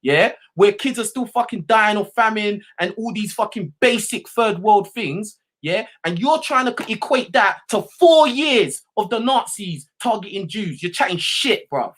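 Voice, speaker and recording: A man's voice: high-pitched, animated, normal speed, few pauses, a bit bright. A man with a London accent hosting a live call-in show, arguing hard with a caller, swearing and repeating slang tags while talking over him. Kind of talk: heated live call-in argument.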